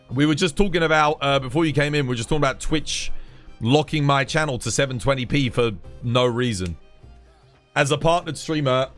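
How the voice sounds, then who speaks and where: A man's voice: a little high, a bit bright. A man chatting casually on a live game stream, rambling and repeating himself as he grumbles.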